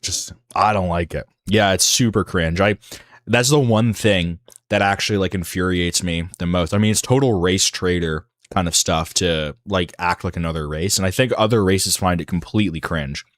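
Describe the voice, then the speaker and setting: A man with a low, deep voice hosts a casual livestream and talks straight into a dry, close-sounding mic. He rambles and halts, often trailing off into fillers and restarts before he finds his point. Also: moderate pace, fairly bright tone, no room sound. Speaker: livestream host.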